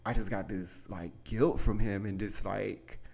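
A man's voice: on the low side, steady tone, a little slow, creaky, a little mellow. A man hosting a podcast, telling a personal story in a candid, rambling way full of "like" and "you know", with casual swearing. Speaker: podcast host.

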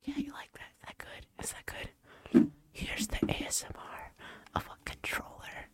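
A man's voice: normal speed, dry recording. A young man doing a joking whispered role-play right up against the microphone, teasing and swearing now and then. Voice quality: unvoiced whisper close to the mic.

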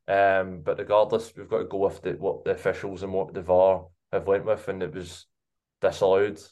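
A man co-hosting a football podcast, giving measured analysis. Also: low voice, flat delivery, warm tone. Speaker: podcast co-host.

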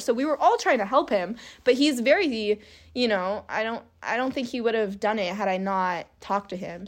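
Young woman, candid and emotional, slightly high voice, vlog confession style. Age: young adult. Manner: candid, emotional, laughs while telling. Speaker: vlogger. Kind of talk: personal storytime.

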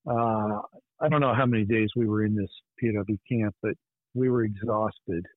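A podcast host telling a personal story in an earnest, intense way. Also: male voice, on the low side, steady tone, moderate pace, dry recording. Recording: tinny phone-like line, dry.

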